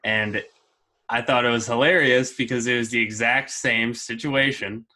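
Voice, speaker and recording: A man co-hosting a casual sports chat, relaxed and laid-back, who laughs easily. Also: medium pitch, moderate pace. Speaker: sports podcast co-host.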